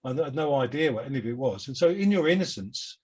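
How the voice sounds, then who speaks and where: An older man with a London Cockney accent, his voice slightly husky and sitting at a middle pitch. He rambles through his memories in a self-deprecating way. He speaks over a video call. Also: animated, fast talker, a little mellow. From London, England. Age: 70s. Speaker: guest musician. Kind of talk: reflective interview chat.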